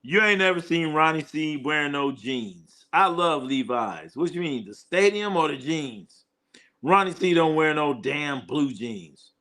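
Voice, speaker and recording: Animated Bay Area man streaming sports talk. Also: on the high side, measured pace. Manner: animated, joking, reads chat comments aloud. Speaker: sports show host.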